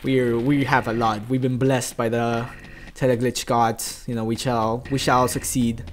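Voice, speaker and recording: A man giving chatty, excitable gameplay commentary, talking to his viewers. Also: mid-range voice, unhurried, slight background noise. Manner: excitable, chatty, yelps and laughs at the game; talks directly to viewers. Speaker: let's play gamer.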